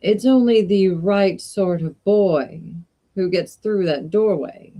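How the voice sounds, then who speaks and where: A woman reading a story aloud, voicing a tall, uncanny male magic shopkeeper who speaks in a deliberate, politely insistent way. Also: mid-range voice, warm tone. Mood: courteous.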